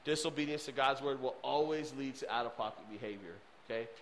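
A man preaching a sermon with emphatic repetition, often checking in with the audience, swinging between loud bursts and hushed pleading. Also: mid-range voice, fairly quick, a little hiss or hum, rough recording. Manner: emphatic and repetitive, addresses the crowd with "okay?".

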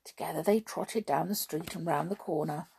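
A woman reading a children's story aloud in an expressive way, with chatty asides to the listener. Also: low-pitched, moderate pace, creaky, husky.

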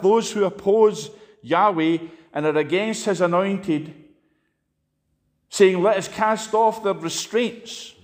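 Impassioned high-voiced male preacher. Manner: impassioned preaching, swings between loud emphatic peaks and hushed asides. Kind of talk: sermon.

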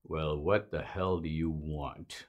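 A man voicing a gruff, hostile Klan leader who speaks slowly and menacingly. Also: very deep voice, steady tone, highs cut off, voice pushed down, heavily acted. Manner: slow, growling, threatening.

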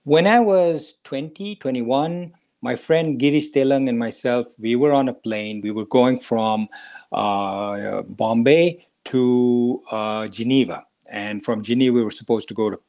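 An older man in his seventies, a doctor hosting a talk show, with a voice of ordinary pitch. He tells a personal story step by step at an easy pace and stops now and then to ask himself questions and answer them. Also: darkish tone. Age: 70s. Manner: unhurried anecdotal storytelling with rhetorical questions. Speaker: podcast host, doctor.

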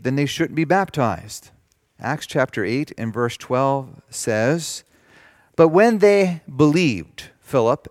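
Man preaching a plain, deliberate sermon. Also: medium pitch, no echo, studio quality. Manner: reads scripture slowly and emphatically, explains plainly. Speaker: pastor.

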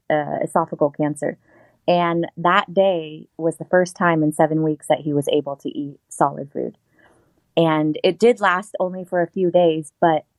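A woman's voice: low-pitched, dry recording. A woman guest telling a personal story in casual interview talk, acting out the voices she quotes.

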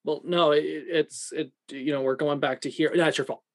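A podcast co-host telling a work story in casual, profane, animated talk. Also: mid-range voice, normal speed.

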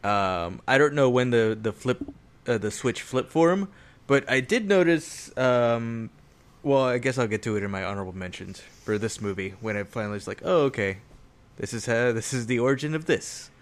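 A man's voice: mid-range voice, moderate pace. A man co-hosting a casual movie podcast, joking and laughing as he talks. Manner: animated, jokey, laughs a lot. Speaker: podcast co-host.

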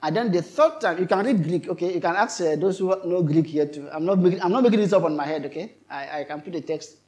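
A male pastor with a high-sitting, slightly mellow voice preaches fast. His sermon is emphatic and repetitive, and he keeps turning to question his congregation.

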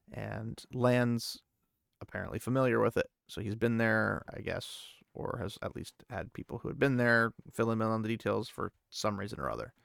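Gravelly rambling podcast host. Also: male voice, on the low side, dry recording, studio quality. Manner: rambling, thinks aloud, many fillers and restarts. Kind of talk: casual book recap with read-aloud passages.

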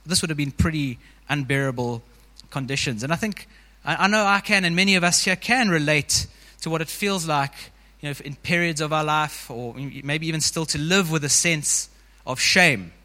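Bright-voiced man preaching in a reverberant hall. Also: fairly high pitch, moderate pace, few pauses. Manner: informal, frequent "you know" fillers. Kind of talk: conversational sermon.

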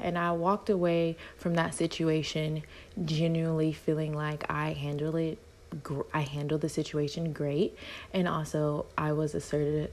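Lowish-voiced woman telling a workplace story. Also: slight background noise. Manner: animated retelling, acting out both sides of a conversation. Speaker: podcast host. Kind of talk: casual storytelling and reflective talk.

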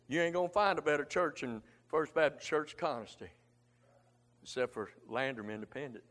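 A man's voice: fairly high pitch, fairly quick, a bit bright. A man with a drawl delivers a heartfelt sermon, his slightly raised voice swelling with conviction. He speaks colloquially and keeps coming back to "amen." His voice trails off into a long, echoing church reverb. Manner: fervent, colloquial, punctuated with frequent "amen". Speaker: preacher. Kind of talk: emotional Baptist sermon.

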